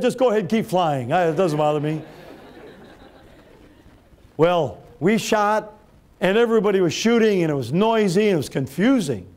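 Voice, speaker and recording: Preaching man with a dark, mellow voice. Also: sits high, lively intonation, moderate pace, long pauses. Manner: swings from loud preaching to quiet, hushed retelling. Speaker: pastor. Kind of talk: sermon storytelling.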